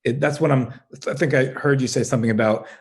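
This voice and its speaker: Gravelly middle-aged man, laughing often. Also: mid-range voice, steady tone, fast talker. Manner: laughs often while telling his story, many restarts. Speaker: guest, middle school teacher and life coach. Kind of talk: casual podcast conversation.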